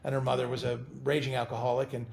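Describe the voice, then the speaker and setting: A middle-aged man chatting as an interview guest, telling animated stories and often repeating words as he talks. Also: medium pitch, quick pace, vocal fry. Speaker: guest actor. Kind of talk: casual interview chat.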